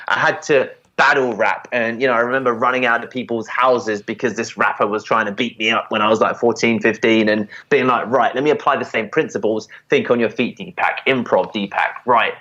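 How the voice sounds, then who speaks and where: A man's voice: mid-range voice, pushed and bright, lo-fi sound. A man in his thirties from England, a podcast guest telling his story casually with many repeats and restarts. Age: 30s.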